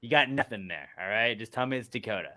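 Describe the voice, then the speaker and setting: A man's voice: lowish voice, expressive, fast, pushed and bright. A man from the United States co-hosting a podcast, ranting bluntly with plenty of swearing. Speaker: podcast co-host. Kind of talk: casual chat.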